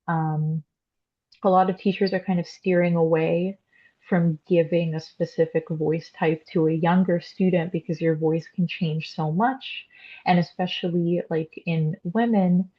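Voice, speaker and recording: In a relaxed interview, a young woman who is a classically trained soprano explains the different voice types, using frequent "um" and "like" fillers. Her voice is lowish, and the sound is lo-fi.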